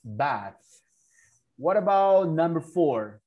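A man's voice: a little high, very animated, slow, dark tone. A man whose first language is Spanish, teaching English to a child over a video call, patiently repeating and drilling words. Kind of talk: online English lesson for a child.

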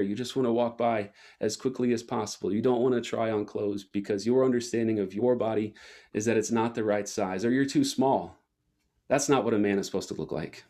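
A male pastor delivering a sermon with a repetitive, building cadence, rising to emphatic peaks and slowing down for weight. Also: medium pitch, a little mellow. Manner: earnest and reflective, slowing for weight.

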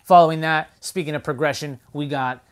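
Man, enthusiastic car-vlog host, loose rambling delivery, slightly high-pitched. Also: steady tone, a little fast. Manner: enthusiastic, rambling, fillers like "you know". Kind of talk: casual weekly recap vlog.

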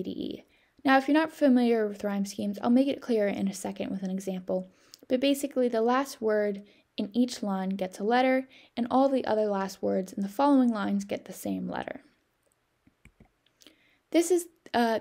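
Young woman tutor with a gravelly edge. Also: medium pitch, mellow. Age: young adult. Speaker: student tutor. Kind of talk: scripted lesson voice-over.

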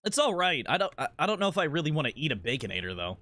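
A man streaming a game, chatting casually in a rambling, profane, animated rant. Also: fairly high pitch, racing.

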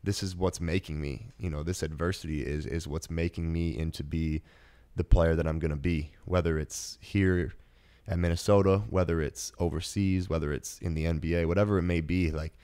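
A man's voice: low voice, steady tone, normal speed, mellow, smooth. A young man in his twenties, a podcast host, earnestly telling a personal story with many fillers and restarts. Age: 20s.

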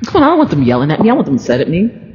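Animated woman in an echoing space. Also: deep voice, very fast, slight background noise. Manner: animated, laughing, repeating words. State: sleepy with allergies. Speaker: church member sharing devotional thoughts. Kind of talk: casual faith talk. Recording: reverberant, dull lo-fi sound.

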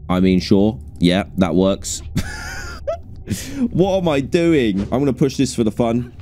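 A man giving live gameplay commentary as a gaming streamer, excitable and jumpy, with frequent laughter. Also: mid-range voice, moderate pace, slight background noise.

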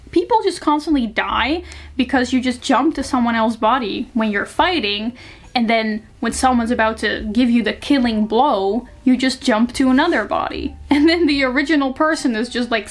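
Chatty young woman reviewing books. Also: a little high. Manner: chatty, frank, lots of fillers like "like" and "you know". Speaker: book reviewer. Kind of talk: casual book review vlog.

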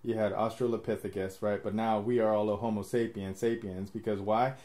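A man with a fairly low, soft, mellow voice hosts a casual podcast conversation. He rambles from one idea to the next, laughs often at himself and swears freely. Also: little pitch movement, fairly quick. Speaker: podcast host. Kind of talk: casual chat.

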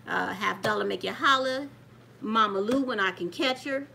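A woman holds her phone and runs a casual live stream from home. Her voice sits a little high and rings bright and sharp. She chats freely with viewers while scolding a kid in between. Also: normal speed, creaky, long pauses, slight background noise. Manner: chatty, talks straight to viewers while scolding a child off-camera. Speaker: coin channel host. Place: home room. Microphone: handheld phone.

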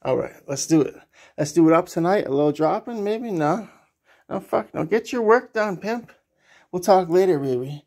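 A man's voice: mid-range voice, mellow. Crude man baby-talking to his pets. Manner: crude, baby talk, speaks of himself in third person. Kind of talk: casual rambling talk to pets.

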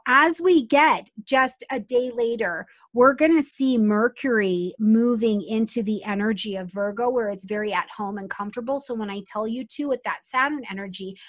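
A woman giving a lively astrology reading, talking straight to her viewers and often asking them questions. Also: a little high. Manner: animated, addresses viewers as "you guys". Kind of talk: casual astrology talk to viewers.

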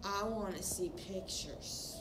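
A woman patient, groggy from anesthesia, talking slowly in a drowsy, demanding way. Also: mid-range voice, noisy background. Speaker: patient after surgery.

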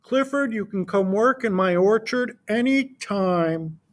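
A man's voice: high voice, lively intonation, takes it slowly, noisy background, pitched above the performer's own voice. A man voicing a friendly male farmer who thanks a helpful dog. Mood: grateful.

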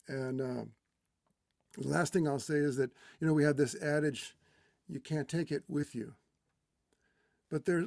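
A middle-aged man from California remembering his mentor at a memorial, talking haltingly with many restarts and trailing off softly. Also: on the high side, gravelly, no echo, clean studio sound. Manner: halting, with many restarts and fillers, growing quiet and tender. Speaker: guest speaker at a memorial. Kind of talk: heartfelt personal remembrance.

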